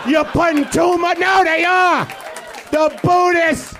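A male comedian on a live stage, shouting an exasperated, profane rant. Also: extremely high pitch, steady tone, slow pace, some chatter behind. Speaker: comedian guest.

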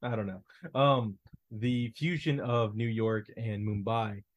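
Man, mid-pitched, dry close sound, sarcastic and opinionated movie-chat co-host. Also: fairly even intonation, takes it slowly, dry recording. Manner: sardonic, opinionated, swears. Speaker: podcast co-host.

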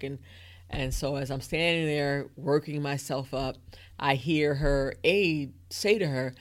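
A woman in her thirties, a guest in an interview, telling a personal story in a lively way and acting out her own thoughts and other people's words. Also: low-pitched, normal speed. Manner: lively, acts out inner thoughts and quotes.

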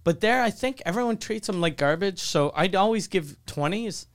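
A man co-hosting a podcast, telling stories in casual chat, animated and swearing freely. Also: high-pitched, moderate pace. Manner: profane, animated storytelling. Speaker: podcast co-host.

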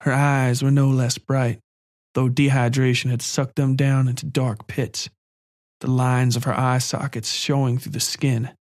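A man narrating a first-person horror story in a measured, quiet, calm way. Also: mid-range voice, no room sound, clean studio sound.

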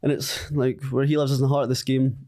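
Scottish man telling a lively anecdote. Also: medium pitch, fast. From Scotland. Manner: animated anecdote teller, quotes others. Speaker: podcast guest. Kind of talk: casual podcast storytelling.

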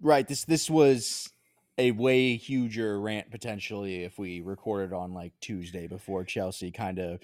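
A man's voice: lowish voice, steady tone, measured pace, darkish tone, no room sound, studio quality. A young man co-hosting a sports podcast, chatting in a laid-back way with wry asides. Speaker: podcast co-host. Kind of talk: casual sports chat.

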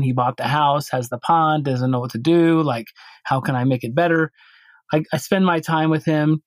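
A man's voice: a little high, no echo. Rambling male podcast storyteller, dry sound. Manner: rambling, animated, with many restarts and fillers. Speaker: podcast co-host.

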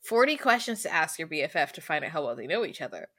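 Talking fast in a low, pushed, bright voice, this very animated co-host chats casually about friendship on a podcast. She keeps reading bits of an article aloud and laughing often.

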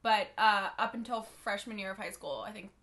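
A woman's voice: medium pitch, bright, forceful tone. A woman co-hosting a podcast, speaking candidly in casual chat with many fillers. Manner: candid, quick, filler-heavy. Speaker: podcast co-host.

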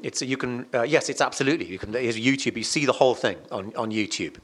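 Male radio host as podcast guest, mid-pitched, lively and emphatic, keeps restarting sentences. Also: fast. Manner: animated and emphatic, frequent restarts and repetitions. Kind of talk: casual conversational storytelling.

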